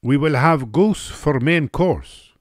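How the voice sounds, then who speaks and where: A blunt, hospitable Russian hostess, put on by a man, speaking in slow, broken English. The pitch swoops, up and down, and the delivery is unhurried and low, with a close, dry sound. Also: expressive, no room sound. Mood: declaring.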